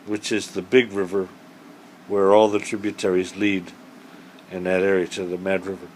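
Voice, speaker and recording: A middle-aged man telling a children's story out loud. He talks in a warm-hearted folksy way and keeps it animated, leaning into the people and moments he describes. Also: low-pitched, normal speed, slight background noise. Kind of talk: true story told aloud to children.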